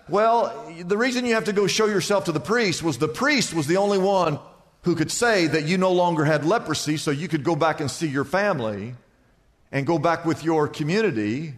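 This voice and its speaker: A man preaching a sermon as pastor, building lists to shouted peaks. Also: on the high side, animated, normal speed. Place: large church sanctuary. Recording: church hall reverb.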